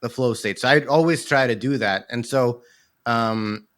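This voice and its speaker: Male podcast host, bright tone, upbeat and chatty. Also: mid-range voice, moderate pace. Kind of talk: casual podcast conversation.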